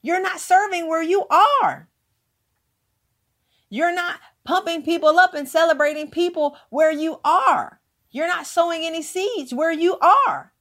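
High-voiced woman giving a preachy pep talk. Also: unhurried, a bit bright. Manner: preachy, emphatic, repeats words for effect. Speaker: motivational speaker. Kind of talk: motivational talk.

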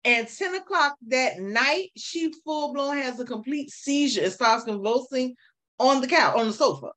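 A woman hosting a faith interview, asking questions and reflecting in an animated way. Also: high-pitched, moderate pace. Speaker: host. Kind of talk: faith talk show interview.

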